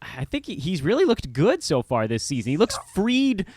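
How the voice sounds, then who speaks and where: A man co-hosting a casual sports chat, animated and joking at his own expense. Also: on the high side, moderate pace, breathy edge, no room sound, clean studio sound. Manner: animated, joking, self-mocking. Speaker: co-host.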